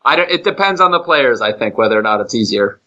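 A man's voice: medium pitch, lively intonation, quick pace, bright, forceful tone, muffled recording. A man from upstate New York, a game developer chatting casually on a podcast with frequent restarts.

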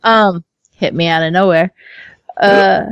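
A woman's voice: mid-range voice, unhurried, clear, resonant tone, dry recording, dull audio. A woman co-hosting a casual game review stream, chatty, laughing often and swearing casually. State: hiccups. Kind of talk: casual chat.

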